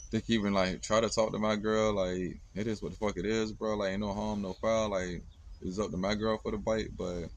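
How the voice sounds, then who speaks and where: A man in his thirties hosts a podcast, delivering a casual monologue in a lowish voice with a little hiss or hum behind it. He rambles bluntly and swears plenty.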